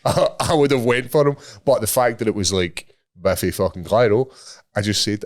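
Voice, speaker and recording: A Scottish man in his thirties, co-hosting a podcast and telling a sweary, animated story in casual chat. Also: on the low side, moderate pace, no echo, studio quality. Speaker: podcast co-host.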